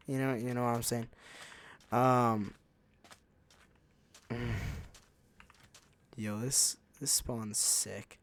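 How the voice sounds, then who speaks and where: A man's voice: medium pitch, steady tone, a bit bright. A man chatting casually while playing a game, rambling along with lots of fillers. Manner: rambling and unhurried, with many fillers. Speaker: gaming channel host. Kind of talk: casual gameplay commentary.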